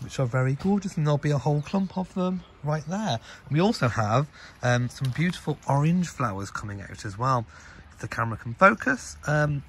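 A relaxed, chatty man filming a casual vlog in his garden. His voice has a slight husky grain and sits at an ordinary middle pitch, and he speaks gently, as if talking to friends. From Britain. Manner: chatty and gentle, talks to his cat and camera. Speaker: vlogger. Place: home garden and greenhouse.

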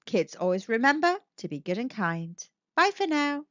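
A woman reading a picture book aloud to young children, gentle, sing-song and expressive. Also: fairly high pitch, normal speed, no room sound. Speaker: children's storytime reader. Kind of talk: slow expressive read-aloud for young kids. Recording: dull lo-fi dry recording.

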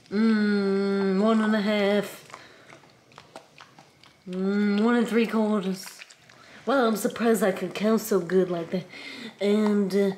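A boastful young female dog chatters at an unhurried pace about her chews, voiced by a woman in a mid-range voice. She gets easily excited and playful, with faint noise in the room. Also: mid-range voice, close to an everyday voice.

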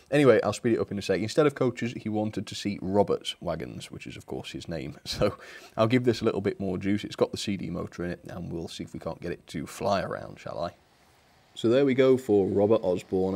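A live-stream host with a lowish, creaky, darkish voice chats casually and fairly quickly. He sounds cheerful and easygoing, laughing lightly and often, like someone sharing a hobby with viewers, and his intonation is lively.

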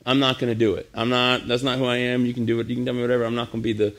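A man's voice: medium pitch, little pitch movement, rapid-fire, fairly bright tone, voice pushed down, natural voice. A man voicing a startled teenage girl in a sermon retelling, stammering and flustered. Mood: refusing.

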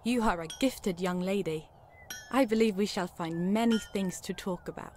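A woman voicing a formal, learned scholar in a video game, measured and polite. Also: mid-range voice, darkish tone, a little hiss or hum, natural voice.

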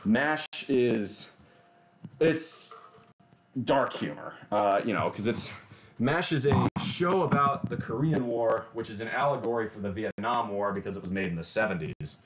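A man's voice: lowish voice, animated, a little slow, a little hiss or hum. A man, chatting casually and joking with viewers on a livestream. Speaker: livestream fitness host.

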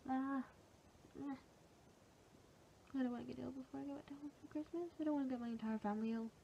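A woman's voice: high voice, fairly even intonation, fast talker, gravelly, mellow, muffled recording, slight background noise. A young woman with a sore throat, chatting casually and rambling through her plans in a home vlog. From England. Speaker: vlogger. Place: at home, indoors.

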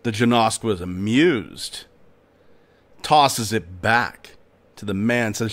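A man hosting a podcast, narrating a folk tale in a dramatic, expressive storytelling manner. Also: on the low side, slow, pauses often. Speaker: podcast host.

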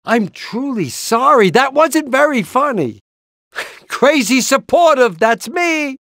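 A man's voice: very high-pitched, lively intonation, takes it slowly, fairly bright tone, no room sound, clean studio sound, full character voice. An older actor voicing a nervous, fussy rooster father in a cartoon video game, stammering and shrieking when scared. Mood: flustered. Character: nervous, fussy rooster dad, easily panicked.

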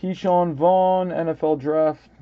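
A man's voice: fairly high pitch, steady tone, slow, narrow, tinny audio. A man with a New York accent hosting a live card break, casually calling out player names and stumbling over some of them.

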